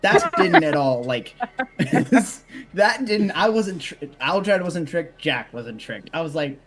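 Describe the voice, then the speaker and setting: A man with a slightly high voice talking over a tabletop session with his group. He rambles, restarts his sentences and drops the odd curse word. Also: very animated, takes it slowly, poor audio. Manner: rambling, swears, restarts often. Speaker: player. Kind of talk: casual post-session chat.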